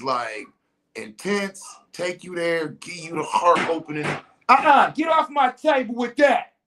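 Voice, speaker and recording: A host giving a casual monologue, emphatic and slangy, with blunt profanity and big swings in pitch. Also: a bit bright.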